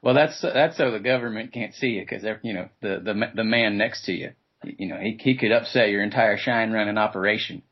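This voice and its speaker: A man co-hosting a sports podcast, dropping quick wisecracks and comic asides in casual chat. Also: on the low side, husky. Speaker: podcast co-host. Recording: dull lo-fi podcast audio.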